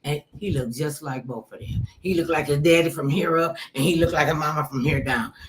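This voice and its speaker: A woman radio host telling a lively personal story in casual chat, with loud outbursts and quoted asides. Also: low-pitched, brisk, a little hiss or hum.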